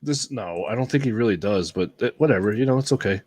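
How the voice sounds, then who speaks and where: A man co-hosting a podcast, excitable and profane in casual banter. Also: lowish voice, quick pace, no echo. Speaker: podcast co-host.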